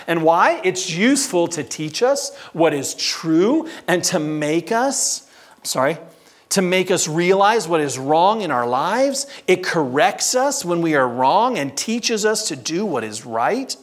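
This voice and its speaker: A man preaching a sermon as pastor, stressing words by slowing down and asking the congregation rhetorical questions. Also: high voice, lively intonation.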